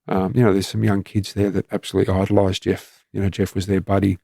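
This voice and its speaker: This deep, level voice belongs to a retired police commander in his fifties with an Australian accent, appearing as a guest. He speaks fast with a creaky, dark tone, telling candid stories plainly and conversationally. The recording is dry and clean, studio style.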